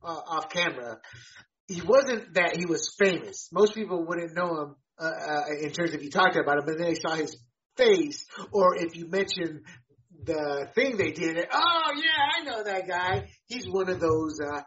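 A man hosting a podcast in casual conversation, talking in a halting way with many fillers and restarts. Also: on the high side, a bit bright. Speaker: podcast host. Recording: dull lo-fi sound.

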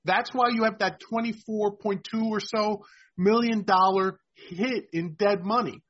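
A man's voice: high voice, fairly even intonation, measured pace, dull audio. A man hosting a casual sports podcast. He explains things at length and keeps checking in with "right?". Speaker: podcast host.

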